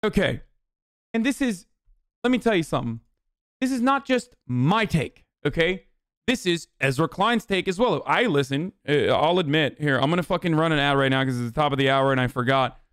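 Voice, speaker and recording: A man's voice: lively intonation, a bit bright, clear, resonant tone, no echo, clean studio sound. A man doing livestream political commentary, ranting heatedly with lots of swearing and mocking his chat with sarcasm. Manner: profane, heated, rapid ranting; mocks chat in a sarcastic high voice.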